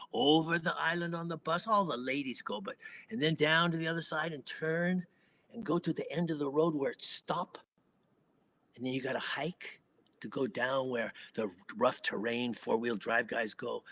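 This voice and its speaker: An older man with a Hawaiian Pidgin accent, telling a first-person story in an animated, conversational way. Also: fairly high pitch. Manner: animated, conversational, dramatic swings in loudness.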